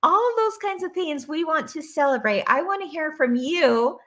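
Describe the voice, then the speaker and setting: A woman's voice: sits high, lively intonation, moderate pace, a bit bright. A woman hosting a live stream, reading viewer comments aloud in an enthusiastic, bubbly way and laughing often. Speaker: host.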